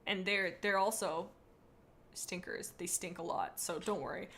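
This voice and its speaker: A woman's voice: fairly low pitch, a little slow, a bit bright. A woman on a live stream, rating viewers' pet cats in a playful, rambling way and reading chat comments aloud into a desk microphone.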